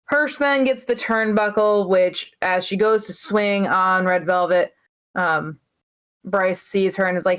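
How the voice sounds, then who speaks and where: A woman's voice: mid-range voice, unhurried, fairly bright tone, clear, resonant tone, rough recording. A woman co-hosting a podcast, giving a loose, swearing play-by-play recap full of fillers. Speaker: podcast co-host. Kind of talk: casual wrestling recap chat.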